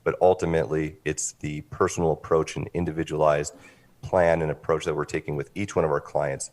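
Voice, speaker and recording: A man being interviewed as a guest, pitching his company in a confident way. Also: flat delivery, fairly quick, darkish tone. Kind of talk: interview answers.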